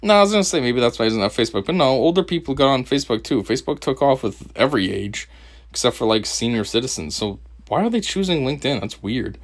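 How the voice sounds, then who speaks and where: This young man from Connecticut reacts to a video with a sneering, amused tone, laughing now and then as he comments. His voice climbs and falls a lot as he talks, at a middle pitch for a man. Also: sing-song. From Connecticut, USA. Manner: mocking, laughs often, pauses the clip to comment. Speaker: commentary host.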